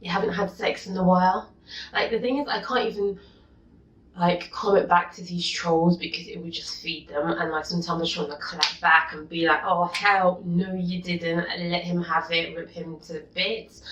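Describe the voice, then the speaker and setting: Young woman ranting to camera, low voice, kinda far from the mic in an echoey room. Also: fairly even intonation, normal speed. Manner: exasperated, indignant, swings from low mutter to loud outburst. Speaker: YouTuber. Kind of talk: vlog rant reading comments.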